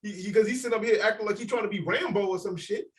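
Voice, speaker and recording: Animated man telling a profane story. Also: high-pitched, rapid-fire, recorded from a distance, rough recording. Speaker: podcast co-host. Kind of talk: casual storytelling.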